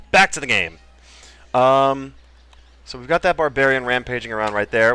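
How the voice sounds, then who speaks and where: This gaming channel host runs a casual Let's Play, cracking jokes and explaining his moves before trailing off into mumbled asides. He has a lowish voice with a sharp tone.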